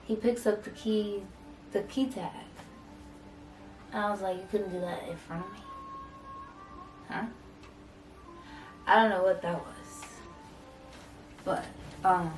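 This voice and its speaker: A young woman tells a casual storytime, jumping into quoted lines of both sides of an argument with lively energy. Her voice sits at a middle pitch and is picked up from a little distance in a roomy, echoey space, with faint music underneath. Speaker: vlogger.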